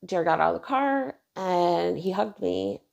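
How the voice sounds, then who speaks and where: A woman's voice: fairly low pitch, expressive, measured pace, gravelly, highs cut off. A woman in her thirties earnestly telling a personal story on her own channel. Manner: earnest, emotional retelling, quoting others softly.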